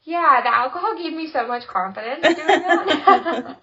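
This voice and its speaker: A young woman co-hosting a podcast, telling a story with lively voiced-out quotes and frequent laughter. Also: high-pitched, measured pace. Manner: animated storytelling, acting out quotes, laughing often. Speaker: podcast co-host. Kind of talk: casual chat. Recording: dull lo-fi recording.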